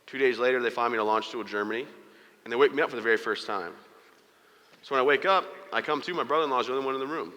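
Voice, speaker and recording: Fast, bright-voiced man speaking in a hall. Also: medium pitch. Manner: storytelling with humor, quoting others in character. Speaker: motivational speaker. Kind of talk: motivational keynote speech. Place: large hall before an audience. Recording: reverberant hall.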